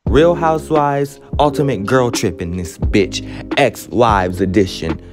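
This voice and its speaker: Out of breath, a man with a low, expressive voice hosts a casual podcast recapping a reality show, talking unhurriedly but brashly with lots of swearing and chatty tangents. Music plays underneath.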